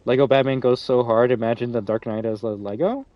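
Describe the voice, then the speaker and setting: A man's voice: medium pitch, steady tone, brisk, no room sound, muffled recording. A man streaming a game, chatting casually with a friend and his viewers, rambling with restarts and casual swearing. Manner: rambling, many restarts and fillers, swears freely. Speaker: streamer hosting a game lobby. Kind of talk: casual live-stream chat.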